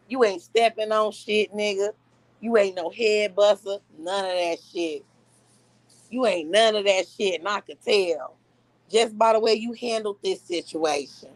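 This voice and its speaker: A woman's voice: medium pitch, no echo. A woman live streamer ranting and taunting in brash, profane trash talk.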